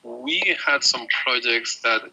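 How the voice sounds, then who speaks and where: A man guest in a casual chat, explaining things in a measured way. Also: medium pitch, sharp tone, slightly rough, no echo, rough recording.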